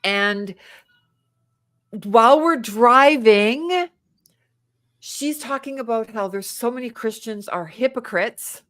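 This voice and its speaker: Podcast guest: middle-aged woman, slightly high voice, animated anecdote teller. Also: takes it slowly, long pauses. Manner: animated, acts out quotes with big pitch jumps. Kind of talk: casual storytelling.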